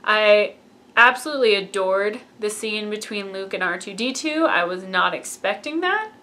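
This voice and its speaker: A woman's voice: medium pitch, animated, normal speed, sharp tone. A woman giving a casual, gushing fan review of a film and acting out lines from it. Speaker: movie reviewer.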